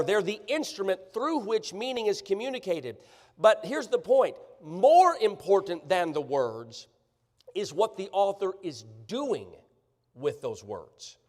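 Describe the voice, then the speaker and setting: A man preaching a sermon, sarcastic and animated, often checking that the congregation follows him. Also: high-pitched, measured pace. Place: church sanctuary. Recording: church livestream, long hall reverb.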